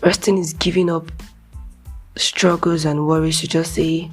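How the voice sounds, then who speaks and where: A young woman from Nigeria giving a casual, earnest devotional talk, conversational with soft whispered asides. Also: sits low, flat delivery, measured pace, breathy edge, soft background music. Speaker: Christian speaker.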